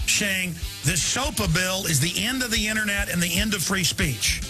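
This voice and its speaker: A man's voice: high voice, normal speed, over music. A male talk radio host delivering a rambling, indignant live monologue.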